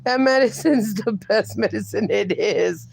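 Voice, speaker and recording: A woman's voice: fairly high pitch, vocal fry, breathy edge, no echo. A woman hosting a casual livestream from home, reading viewer comments aloud while caught in a laughing fit, breathless and giggling helplessly. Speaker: livestream host.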